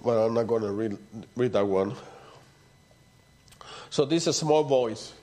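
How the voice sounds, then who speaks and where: A man preaching a sermon in a conversational way, dropping to soft low asides and rising for emphatic points. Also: measured pace. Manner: conversational preaching with repeated "you know" and "see".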